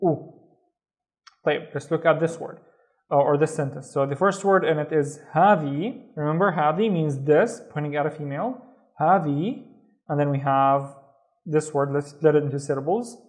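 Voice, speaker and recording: A man leads a beginners' reading lesson with a slightly raised pitch. He is patient and sounds each syllable out slowly, repeating it before moving on. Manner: patient, slow repetition of syllables. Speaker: Arabic teacher.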